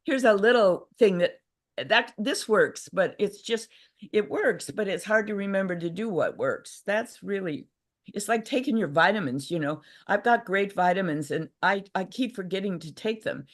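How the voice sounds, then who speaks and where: An older woman giving a gentle, reflective talk on a livestream video call, with frequent restarts. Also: medium pitch, animated, moderate pace. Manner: reflective, gentle, many restarts and acted inner voices. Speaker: workshop speaker. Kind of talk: casual teaching talk. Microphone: video call mic.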